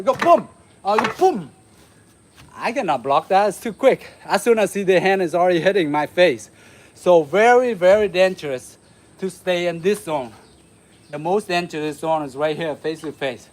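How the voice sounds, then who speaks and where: Vietnamese-accented man teaching martial arts. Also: normal speed. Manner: demonstrating moves, counting, shouting "boom". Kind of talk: live martial arts lesson.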